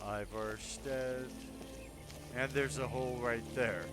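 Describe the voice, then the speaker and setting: Male game host, dry sarcastic let's-play chatter over clear game music. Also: mid-range voice, fairly even intonation, takes it slowly. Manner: sarcastic, self-mocking, rambling. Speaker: gaming video host.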